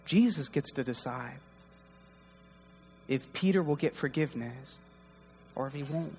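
Heartfelt pastor in a reverberant hall. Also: male voice, medium pitch, a little slow, darkish tone, a little hiss or hum. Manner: heartfelt, conversational, asks the congregation questions. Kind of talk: sermon. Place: church hall.

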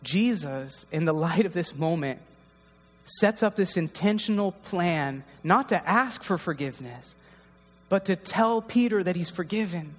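A man's voice: high voice, expressive, a little slow, long reverb tail. A man preaching a heartfelt, conversational sermon to his congregation in a church. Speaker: pastor. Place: church hall.

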